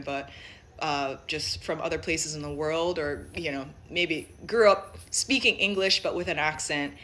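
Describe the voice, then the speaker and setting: A woman's voice: low-pitched, fairly bright tone, a little hiss or hum. Thoughtful woman with a light Jamaican accent. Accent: Jamaican, mixed with American. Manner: thoughtful, many fillers like "like" and "you know". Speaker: vlogger. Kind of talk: reflective casual monologue.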